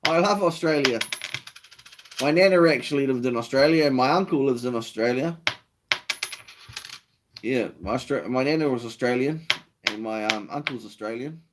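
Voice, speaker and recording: A man's voice: mid-range voice, normal speed, long pauses, background noise. A man with a New Zealand accent hosting a casual live stream, laid-back, swearing freely and answering viewer comments.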